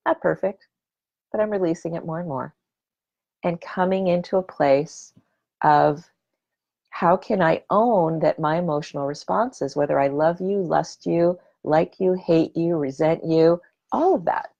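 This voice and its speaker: A woman's voice: deep voice, a little slow, gravelly, darkish tone. A middle-aged woman hosting a reflective personal talk, earnest and emphatic, often repeating her key words for weight. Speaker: podcast host. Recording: dull lo-fi recording.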